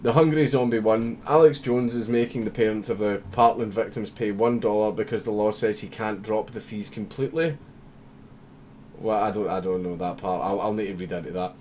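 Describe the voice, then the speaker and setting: A man's voice: on the low side, brisk, a little mellow, a little hiss or hum. Guy hosting a stream, swears a ton, laughs a lot, reads out chat. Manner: swears constantly, laughs often, mock-reads comments. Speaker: livestream host. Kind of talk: casual livestream chat reading viewer messages.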